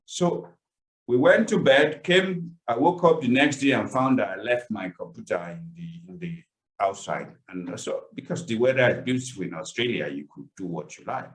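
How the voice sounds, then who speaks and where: Speaking at a moderate pace in a lowish voice, a non-native English speaker presents a webinar online. He tells a painful story from his own life with earnestness and shifting emotion, and the recording quality is low.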